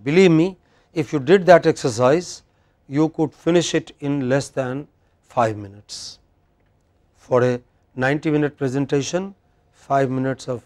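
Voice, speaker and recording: A man's voice: mid-range voice, warm tone. A man with an Indian English accent leads a pronunciation drill in a university classroom. He is demanding and exacting, and he corrects each slip and drags the word out so the class can echo it back. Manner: demanding, corrects and repeats words slowly.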